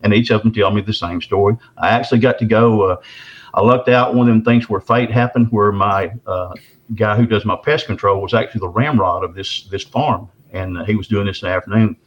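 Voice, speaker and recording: An older man with a fairly low voice spins a rambling, folksy story. He circles back and repeats words as he goes. The recording sounds dull and lo-fi. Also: steady tone, brisk. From Texarkana area, southern US. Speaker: Bigfoot researcher telling his story.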